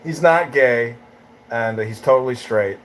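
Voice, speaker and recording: A man's voice: mid-range voice, a little slow, fairly bright tone, a little hiss or hum, rough recording. A man hosting a live audio chat room, ranting in a profane, taunting, swaggering way.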